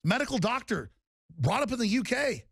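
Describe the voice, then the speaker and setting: A man's voice: extremely high pitch, very animated, normal speed, fairly bright tone, husky, no room sound, clean studio sound. A man delivering an angry political rant, heated and emphatic, with mocking asides. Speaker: political commentator.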